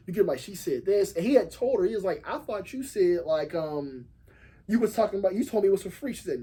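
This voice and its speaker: A husky man tells a story on a podcast, slipping into the voices of the people in it. His delivery is loose and animated, and he swears freely. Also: high voice, fast. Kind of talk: casual storytelling.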